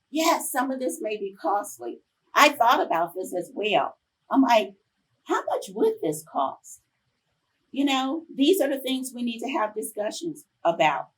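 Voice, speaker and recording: Woman in her fifties, conference presenter, husky voice, animated storyteller, heard from a distance. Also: on the high side. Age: 50s. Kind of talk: conference talk with personal stories. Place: conference room.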